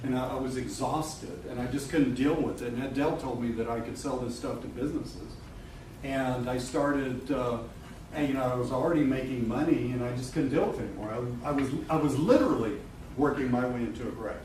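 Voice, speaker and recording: A middle-aged man giving a live seminar talk to an audience. He is animated and blunt, laughs often and swears casually. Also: medium pitch, fairly quick. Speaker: marketing coach presenting a seminar. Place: event room with a live audience. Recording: echoey room from a distance, noisy.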